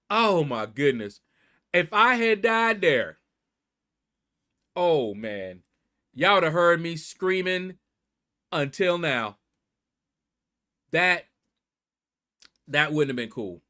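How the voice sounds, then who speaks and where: A man hosting his gaming channel, talking viewers through his matches in a chatty, excitable way. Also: mid-range voice. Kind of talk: mobile game commentary.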